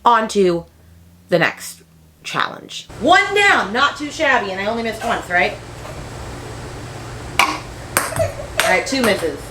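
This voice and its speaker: Chatty, excitable young woman book vlogger. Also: slow, pauses often, background noise. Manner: chatty and excitable, with sudden high exclamations. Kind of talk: casual chat.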